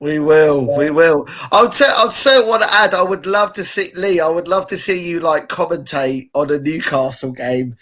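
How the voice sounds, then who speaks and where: A man co-hosts in a relaxed, talkative way, laughing often and poking fun at himself. His voice sits high and sounds bright. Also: normal speed, hardly any pauses. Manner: chatty, laughing often, self-mocking. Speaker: co-host. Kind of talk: casual chat.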